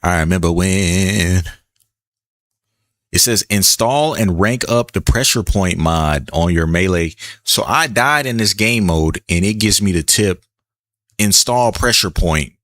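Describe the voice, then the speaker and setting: A man with a very low voice talks through his game stream in an easy, rambling way. He chats with viewers as he plays. The sound is close and dry, with keyboard clicks and typing behind him. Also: unhurried, fairly bright tone, no room sound. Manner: laid-back, chatty, reads chat aloud. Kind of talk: casual gameplay commentary.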